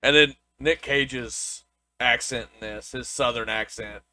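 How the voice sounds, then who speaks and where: Bright-voiced young podcast host. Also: male voice, medium pitch, fairly even intonation, unhurried, no echo. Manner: loose, laughing, stumbles and restarts often. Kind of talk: casual chat.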